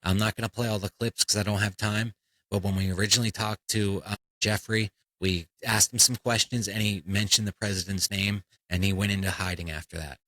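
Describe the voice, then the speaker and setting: A man's voice: on the low side, steady tone, fairly quick, pushed and bright, dry recording, poor audio. A man hosting a comedy podcast, ranting in a blunt, profane, fired-up way. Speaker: podcast host.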